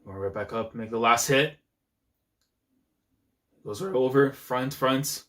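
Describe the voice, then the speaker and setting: A young man in the middle of an anime reaction, talking at an ordinary pitch. His commentary is casual and excitable, he laughs often, and he keeps dropping in "man" and "bro" between thoughts. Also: slow.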